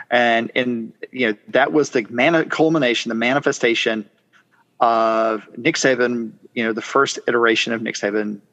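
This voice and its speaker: A man's voice: medium pitch, a bit bright, dull audio. A man in casual sports chat, thoughtful and rambling with fillers. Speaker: podcast co-host.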